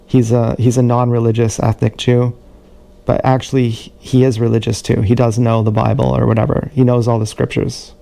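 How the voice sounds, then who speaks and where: On a livestream, a man delivers a casual, rambling monologue that halts with many restarts and repeated words, captured on an action camera mic. His mid-range voice is level, creaky, and dark in tone.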